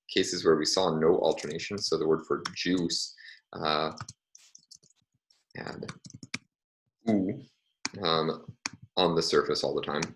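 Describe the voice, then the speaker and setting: A man's voice: low-pitched, fairly bright tone, slight background noise, poor audio. A man giving a recorded linguistics lecture, thinking aloud with frequent fillers as he works through examples.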